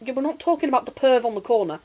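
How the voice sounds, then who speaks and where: A woman streamer chatting casually and telling an animated childhood story while gaming. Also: a little high, racing, rough recording.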